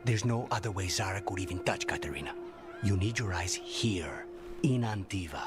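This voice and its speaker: A man's voice: deep voice, animated, normal speed. An actor playing a tense, paranoid male assassin in a video game, urgent and insistent. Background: game music.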